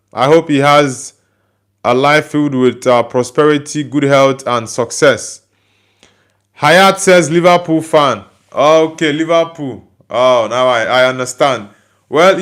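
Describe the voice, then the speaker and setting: A man's voice: fairly high pitch, fairly bright tone. A Nigerian man, a native Igbo speaker, hosting a casual livestream and chattily answering viewer comments he reads aloud. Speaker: host.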